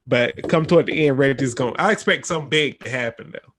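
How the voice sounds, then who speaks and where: A man's voice: mid-range voice, fast talker, background noise. A man co-hosting a casual podcast, giving laid-back opinions and short agreeing replies. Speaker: podcast co-host. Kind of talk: casual chat.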